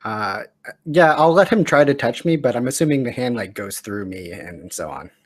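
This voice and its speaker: A man's voice: mid-range voice, lively intonation, moderate pace, no room sound. A man playing a tabletop game, describing his character's actions in a hesitant, casual way. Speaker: player. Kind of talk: tabletop role-play chat.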